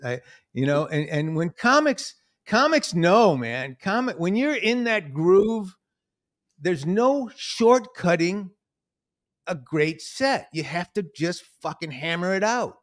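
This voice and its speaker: A man with a fairly high-pitched voice hosts a podcast in a relaxed, conversational style. He tells stories with animation and slips into other voices whenever he quotes someone. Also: slow pace. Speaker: podcast host. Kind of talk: casual conversation.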